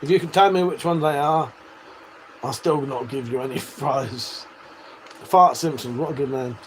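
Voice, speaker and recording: A man's voice: mid-range voice, normal speed, a little hiss or hum, poor audio. A man hosting a livestream, reading out viewer comments, swearing freely and laughing often. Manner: swears a lot, laughs often, banters with chat. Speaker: livestream host.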